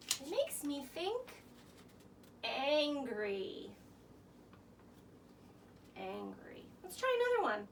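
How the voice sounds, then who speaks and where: A woman teaching young children through song and story, with a gentle, coaxing sing-song manner. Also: high-pitched, huge pitch swings, very slow, long pauses, recorded from a distance, loud music behind the voice.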